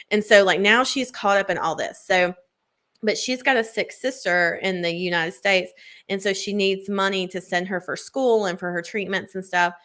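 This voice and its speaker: A woman's voice: fairly low pitch, a bit bright. A woman in casual chat, gushing as she retells a book's plot with lots of filler words. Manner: gushing book recap full of "like" fillers.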